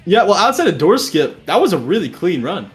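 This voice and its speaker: A man's voice: high-pitched, big pitch swings, fairly quick, faint music behind. Easygoing young male stream commentator. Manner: easygoing, chatty, lots of fillers. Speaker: tournament commentator. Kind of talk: casual live-stream commentary.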